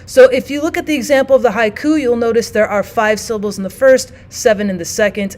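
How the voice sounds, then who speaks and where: Female teacher, fairly high pitch, patient classroom explainer who slows down to read poems. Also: darkish tone. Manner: explains step by step, reads poems aloud slowly. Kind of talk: classroom lesson.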